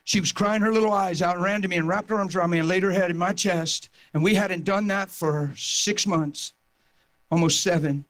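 A man preaching a sermon, telling a personal testimony with impassioned storytelling that rises toward shouting. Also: high voice, steady tone, normal speed. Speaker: pastor.

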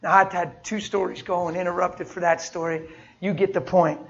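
A man with a high, light voice preaches in a folksy, heartfelt way, slipping into the voices of the people in his stories. The recording is dull and lo-fi, like an old church tape. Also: flat delivery, moderate pace, creaky. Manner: folksy, heartfelt, acts out dialogue. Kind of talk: sermon with storytelling.

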